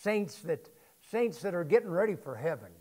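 A man preaching a sermon to his congregation in church, swinging from quiet talk to loud shouted scripture and calling for responses. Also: sits high, big pitch swings, moderate pace. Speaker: pastor. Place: church sanctuary.

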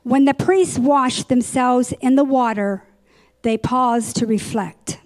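A woman teaching a church Bible lesson, reading verses and explaining them in a deliberate way, sometimes correcting herself. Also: a little high, darkish tone.

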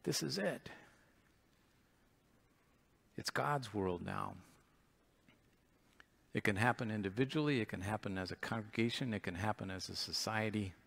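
A man's voice: on the low side, normal speed, creaky, a bit bright. A man pastor giving a sermon in church, earnest and storytelling.

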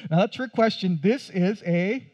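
A pastor giving a conversational sermon, asking the congregation questions and adding light humor. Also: male voice, high voice, darkish tone, highs cut off. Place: church.

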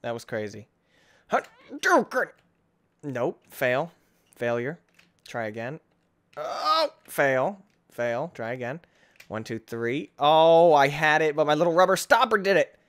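A young man giving excitable playthrough commentary, breaking into sudden high yelps and self-mocking groans. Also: takes it slowly, long pauses. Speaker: gaming channel host.

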